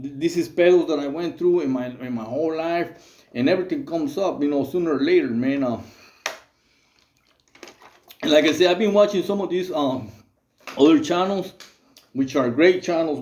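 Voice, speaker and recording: A man's voice: fairly high pitch, moderate pace, long pauses, darkish tone, roomy sound. A man hosting his channel, talking in a loose, rambling, streetwise way full of fillers. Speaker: channel host. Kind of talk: casual monologue to camera.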